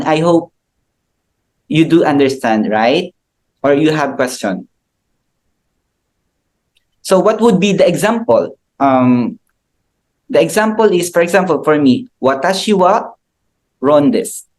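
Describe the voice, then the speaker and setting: A man's voice: fairly high pitch, animated, measured pace, pauses often, a little mellow, poor audio. A man with a Filipino accent teaching a beginner language class over a video call, explaining patiently and checking in often with his students. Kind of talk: online class lecture.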